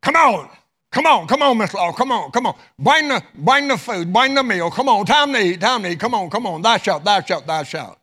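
A man's voice: sits high, animated, normal speed, sharp tone, pitched above the performer's own voice, exaggerated voice. A man voicing a strict, perfectionist husband who hollers repeated orders at his wife. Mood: hollering, impatient. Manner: hollering, repetitive commands.

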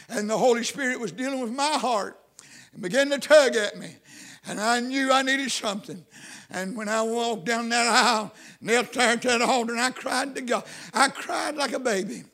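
A man preaching a personal testimony sermon, folksy and repetitive, rising into fervent shouts and whoops. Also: very high-pitched, moderate pace.

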